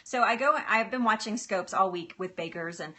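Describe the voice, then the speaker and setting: A woman's voice: medium pitch, normal speed, sharp tone. A woman hosting a casual cooking livestream in a home kitchen, chatty and laughing often as she talks to viewers by name.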